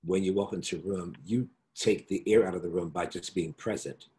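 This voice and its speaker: A flamboyant middle-aged man chats as a guest over a video call, his voice sitting fairly low. He tells his stories with animation and slips into the voices and accents of whoever he is quoting. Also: brisk, warm tone. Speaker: interview guest. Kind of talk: casual interview chat.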